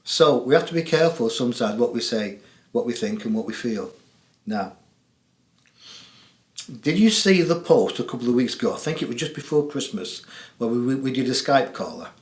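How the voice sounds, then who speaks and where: A man's voice: medium pitch, lively intonation, moderate pace, pauses often. Jokey English man hosting in an echoey room. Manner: chatty, jokey, laughs often. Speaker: host of a spiritual call-in show. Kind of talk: casual monologue to viewers.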